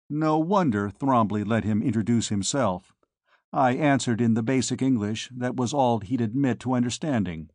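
Brief: male narrator, mid pitch, measured and wry, dry close sound. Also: a little mellow, dry recording. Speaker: audiobook narrator. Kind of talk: scripted first-person narration.

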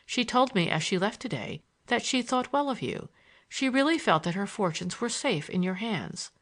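A woman's voice: medium pitch, big pitch swings, brisk. A woman voicing a scornful young woman who mocks with cold disdain in an audiobook.

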